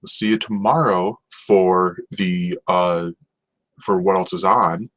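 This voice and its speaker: Male solo podcast host, low-pitched, casual and rambling, filler-heavy delivery. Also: fairly even intonation, slow, fairly bright tone, rough recording. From North America. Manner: rambling, lots of ums and restarts. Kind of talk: casual solo TV review chat.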